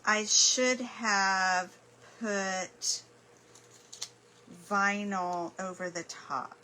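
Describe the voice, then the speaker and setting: A woman's voice: mid-range voice, steady tone, extremely slow, bright, forceful tone, a little hiss or hum, poor audio. A woman hosting a live craft stream, chatting casually and apologizing as she gets flustered. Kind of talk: casual craft livestream chat.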